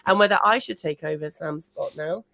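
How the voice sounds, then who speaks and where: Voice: mid-range voice, brisk, vocal fry, bright, forceful tone, no room sound. A participant in a casual livestream chat, scolding the others emphatically in mock outrage.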